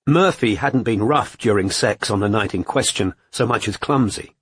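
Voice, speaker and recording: A man reading a crime novel as an audiobook narrator, in an even, measured way. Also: fairly low pitch, husky, no room sound. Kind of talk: scripted narration.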